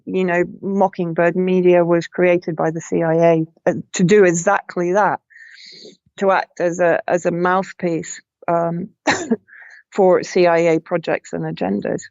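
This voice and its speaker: A British woman journalist talks as a guest in an interview. Her voice is gravelly and sits fairly low. She presses her points hard and often restarts her phrases, and the line sounds dry and a little dull. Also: steady tone, a little slow, a little mellow, no room sound. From Britain. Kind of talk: remote interview conversation.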